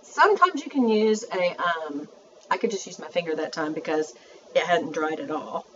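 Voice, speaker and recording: A woman's voice: fairly low pitch, animated, moderate pace, lo-fi sound, a little hiss or hum. A woman, chatting through a makeup tutorial and talking to her viewers as she works. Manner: chatty, self-narrating, addresses viewers as y'all. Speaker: beauty vlogger.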